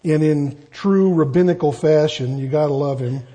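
A man preaching a verse-by-verse sermon as pastor, lively and conversational, full of rhetorical questions. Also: on the high side, moderate pace.

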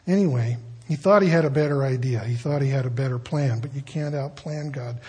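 A man's voice: mid-range voice, fairly quick, warm tone, breathy edge. A man preaching a casual sermon, telling stories and acting out the people in them. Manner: conversational storytelling, acting out quoted voices. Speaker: pastor.

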